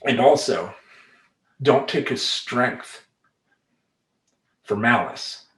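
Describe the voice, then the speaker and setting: Middle-aged male life coach, mid-pitched, emphatic and streetwise, roomy echo. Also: very slow, a bit bright. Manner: emphatic, streetwise, casual slang. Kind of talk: talking-head vlog monologue. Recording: roomy echoey room.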